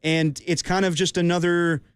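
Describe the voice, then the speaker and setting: Brisk sports radio host, man. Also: sits high, little pitch movement, clear, resonant tone, dry recording.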